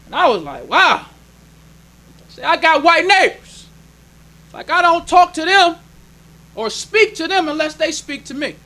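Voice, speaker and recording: A man's voice: extremely high pitch, very animated, measured pace, pauses often, pushed and bright. A man preaching a sermon as minister, emphatic and plainspoken, repeating his points. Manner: plainspoken, conversational delivery.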